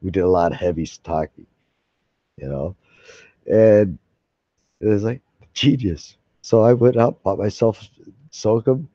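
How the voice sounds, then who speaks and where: A man's voice: on the low side, a little slow, pauses often, dry recording. A middle-aged man talking casually as a gaming streamer, rambling, swearing freely and restarting his sentences. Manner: profane, excitable, full of restarts. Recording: dull lo-fi sound.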